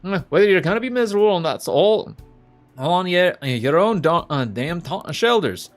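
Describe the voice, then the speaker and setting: A man's voice: sits high, very animated, moderate pace. An earnest young fortune teller from a video game speaks with feeling, as a man reads her lines. The voice rises and falls a lot, pleading and encouraging by turns. Faint game music plays underneath. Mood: scolding drawl. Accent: Southern US, put on. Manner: earnest, pleading, slips briefly into a folksy drawl. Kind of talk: reading video game dialogue aloud.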